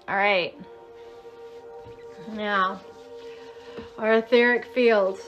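A woman's voice: fairly high pitch, steady tone, unhurried, a bit bright, faint music behind. A woman energy healer leading a live guided healing session, soothing and chanting a repeated release mantra.

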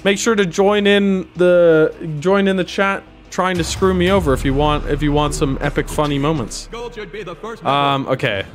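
A young man streaming a game live, commenting excitedly and yelping and shouting when things go wrong. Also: fairly high pitch.

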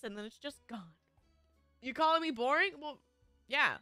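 A woman's voice: high voice, animated, normal speed, bright, forceful tone, no room sound, soft background music. A young woman streaming a game, chatting casually with her viewers in a bubbly, giggly way. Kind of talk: casual live-stream chat.

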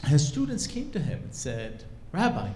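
A man giving a storytelling talk to a live audience at a cultural event, animated and casual, with fillers. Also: medium pitch, normal speed. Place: event hall stage.

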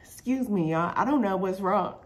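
A woman's voice: mid-range voice, expressive, unhurried. A woman from Pittsburgh, Pennsylvania, telling a personal story to her viewers in a casual, chatty way, full of fillers and asides to "y'all". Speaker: vlogger.

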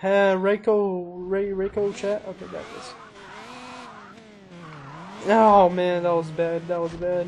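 A man casually commentating his own racing gameplay, excitable and self-mocking, talking to himself as he plays. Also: sits high, a little slow, pauses often. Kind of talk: casual let's-play commentary. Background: engine noise and crashes from the game.

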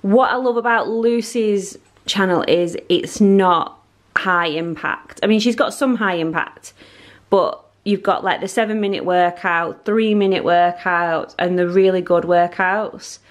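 A woman's voice: lowish voice, unhurried. Chatty mum touring her messy house. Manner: chatty, rambling, self-deprecating. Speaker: vlogger. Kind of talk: casual home vlog chat. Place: family home, indoors.

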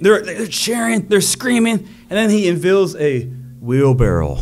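High-pitched guy preaching, lively storyteller voice, faint music in the back. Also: unhurried. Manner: energetic storytelling, acts out crowd voices. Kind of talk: sermon.

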